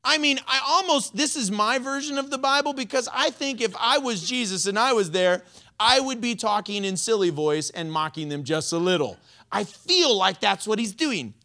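A pastor giving a sermon in a playful, animated way, often breaking into laughter while explaining scripture. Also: medium pitch, moderate pace.

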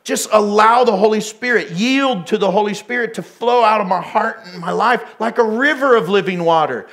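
A man's voice: sits high, moderate pace, vocal fry, a bit bright. A middle-aged male pastor preaching a sermon, telling candid, self-deprecating stories with bursts of laughter.

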